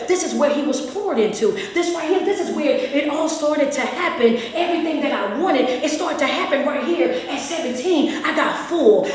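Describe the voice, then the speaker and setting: A woman speaker preaching at a whiteboard in call-and-response style, repeating phrases rhythmically, recorded from a distance. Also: high voice. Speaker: motivational speaker. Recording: echoey hall from far off.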